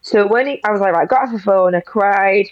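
A woman's voice: medium pitch, fast, no echo. A woman, a guest in an interview, telling a personal story in an emotional rush full of restarts. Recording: dull lo-fi audio.

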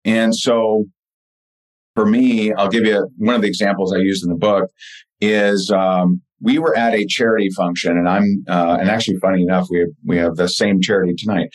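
A man with a fairly low voice, talking as a guest in a relaxed interview. He tells stories in an earnest, conversational way, stopping and restarting his sentences and filling pauses with "um" and "you know.". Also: low-quality recording. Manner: earnest, with frequent fillers and restarts. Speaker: podcast guest and author. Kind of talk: casual interview storytelling.

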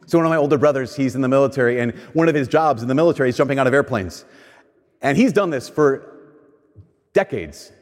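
A man delivering a conversational sermon as a pastor, slowing down for emphatic lines and speeding up through quick asides. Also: medium pitch, lively intonation. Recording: long hall reverb.

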